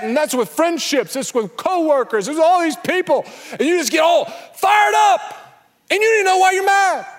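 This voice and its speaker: A young man preaching an energetic sermon to a church crowd, sometimes breaking into shouts. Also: extremely high pitch. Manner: energetic, building to shouts, with acted asides. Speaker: pastor. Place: large church hall. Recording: echoey church hall with long reverb.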